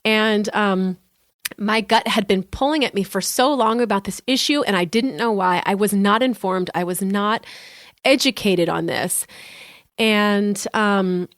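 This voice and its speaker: A woman's voice: mid-range voice, a little slow, no room sound. Earnest woman telling her story, dry close sound. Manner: earnest, heartfelt, repeats phrases for emphasis. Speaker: podcast co-host sharing her story. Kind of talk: personal storytelling in conversation.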